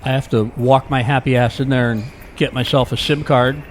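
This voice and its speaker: A man's voice: mid-range voice, steady tone, moderate pace, a little hiss or hum. Jokey man narrating a city walk. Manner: jokey, rambling asides. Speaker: vlogger, walking tour guide. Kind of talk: casual walking-tour narration. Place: outdoor city streets.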